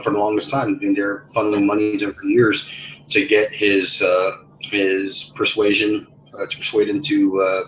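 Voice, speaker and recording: A man's voice: lowish voice, slight background noise, low-quality recording. A man chatting casually in an online voice lobby, rambling and restarting his sentences with many fillers. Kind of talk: casual voice chat.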